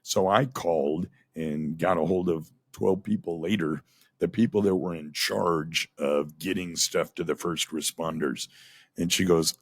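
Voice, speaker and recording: A man's voice: low-pitched, fairly even intonation, a little slow, husky, dry recording. A middle-aged man, a former radio host, telling a candid personal story in a plainspoken, aggrieved way. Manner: plainspoken, aggrieved, recounts dialogue in quotes.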